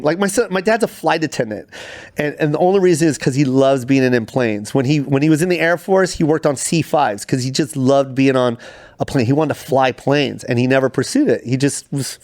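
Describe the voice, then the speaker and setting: A man, a comedian, telling candid stories in an interview and acting out the voices of people in them. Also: fairly quick. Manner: animated, acts out quotes in shifting pitch. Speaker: comedian, guest.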